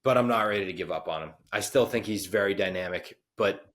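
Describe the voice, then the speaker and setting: Excitable young man chatting about football. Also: deep voice. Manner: excitable, quick to quote others in a dude-voice. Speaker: podcast co-host. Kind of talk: casual sports chat.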